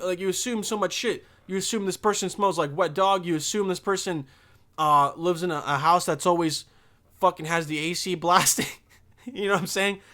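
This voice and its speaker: A man's voice: sits high, fairly bright tone. A young man hosting a podcast, talking in a loose, rambling and profane monologue. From Bosnia. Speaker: podcast host.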